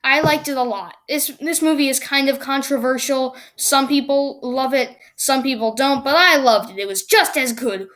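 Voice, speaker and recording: A woman hosting her own vlog channel, talking excitedly about movie predictions and often stumbling and restarting her sentences. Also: high voice, moderate pace, hardly any pauses. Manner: excitable, rambling with many restarts. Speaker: YouTube channel host.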